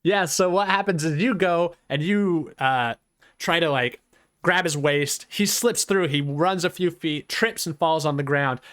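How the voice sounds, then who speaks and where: Game master, male: slightly high voice, dry close sound, halting narration. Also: a bit bright, no room sound. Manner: hesitant, with many fillers and restarts.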